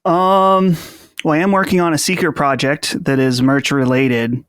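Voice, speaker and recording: A man co-hosting a podcast in casual chat, measured and hesitant with frequent ums. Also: a little high, flat delivery, a bit bright, clear, resonant tone, no echo, studio quality.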